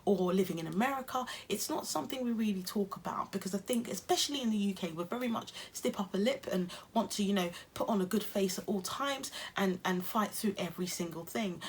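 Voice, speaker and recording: A woman's voice: mid-range voice, animated, brisk, hardly any pauses, slight background noise. A young adult woman with an English accent, talking earnestly and encouragingly to camera in a self-care vlog. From England. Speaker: YouTuber.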